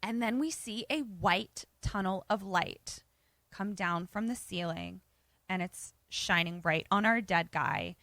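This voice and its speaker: Woman podcaster retelling a movie plot, bright voice, dry close sound. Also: mid-range voice, slow, dry recording. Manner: animated retelling, acts out characters' lines. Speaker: podcast co-host. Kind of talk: casual movie recap.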